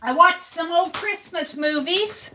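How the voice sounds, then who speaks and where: Bright-voiced older woman chatting on stream. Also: very high-pitched, measured pace, a little hiss or hum. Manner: chatty, reads and answers viewer comments aloud, laughs often. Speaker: craft live-streamer. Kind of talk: casual live-stream chat while crafting. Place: home craft room.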